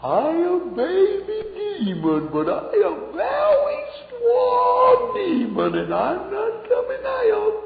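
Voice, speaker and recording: A dim, boastful baby demon, squeaking high and slow in broken childlike words. The sound is thin and phone-like, with a long echo like a big hall. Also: male voice, wildly swooping pitch, creaky, exaggerated voice. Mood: stubborn boasting. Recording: phone-like echoey hall recording.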